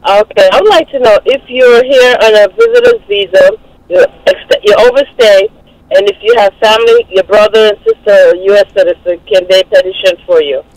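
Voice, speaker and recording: A woman calling in to a radio show, asking a question in a halting, plain way over the phone. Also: medium pitch, big pitch swings, a little mellow, no echo, rough recording. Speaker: caller.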